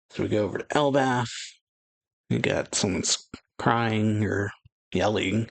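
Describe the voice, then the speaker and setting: A man's voice: on the low side, unhurried, gravelly, long pauses, dry recording, poor audio. A man hosting an anime reaction channel, reading through manga pages in a casual, rambling way with frequent chuckles and filler words.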